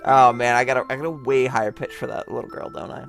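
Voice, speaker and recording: A man's voice: medium pitch, fast talker, vocal fry, few pauses, soft background music. A tipsy man hosting a let's play, rambling with joking asides in casual gameplay commentary on a close mic that pops. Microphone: close mic with popping.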